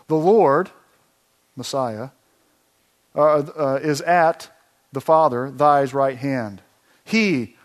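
A man with a fairly high voice preaches through scripture passages. He reads verses aloud, then quizzes the congregation with quick questions. His talk is full of "uh" fillers and restarts. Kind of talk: expository sermon.

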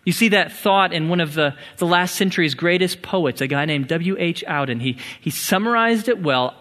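A male pastor with a fairly high voice delivers a sermon. He explains earnestly and leans on key points with emphasis. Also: moderate pace, few pauses, fairly bright tone.

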